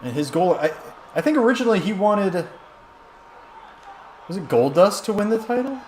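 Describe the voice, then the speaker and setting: A fairly high-voiced man calls a wrestling video game on a live stream in a loose, rambling, jokey way, breaking into excited play-by-play. A clear hum of background noise runs under his voice. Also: moderate pace. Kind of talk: casual live-stream commentary.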